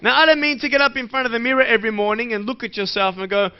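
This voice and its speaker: A man's voice: very high-pitched, very fast, smooth. A man giving a motivational speech to schoolchildren in a playful way, asking the audience questions. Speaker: motivational speaker. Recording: dull lo-fi recording.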